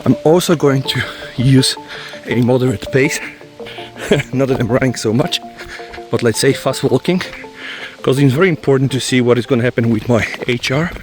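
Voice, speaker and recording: Male tech reviewer, mid-pitch, slightly breathless, casual trail walk-and-talk outdoors. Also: moderate pace, soft background music. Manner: chatty, addresses viewers as guys. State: out of breath from fast walking.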